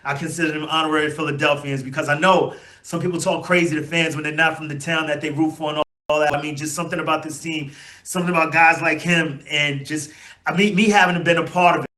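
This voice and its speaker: Bright-voiced man rambling with emotion. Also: on the high side, fast talker. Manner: rambling, heartfelt, with fillers and sudden excited outbursts. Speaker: fan channel host. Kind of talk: emotional solo fan commentary.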